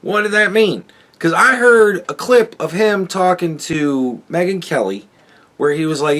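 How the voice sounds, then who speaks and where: A man's voice: high-pitched, unhurried, a bit bright. A man hosting a solo commentary podcast, ranting in a profane, sarcastic, exasperated way. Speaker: podcast host.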